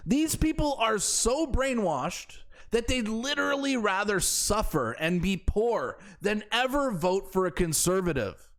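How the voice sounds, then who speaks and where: A male commentator with a high voice that swings widely as he mocks and scoffs. He talks in a sarcastic, incredulous way, heaping scorn on his subject. This is opinionated commentary delivered straight to the viewer. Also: big pitch swings, a little slow, hardly any pauses, a bit bright. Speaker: political commentary host.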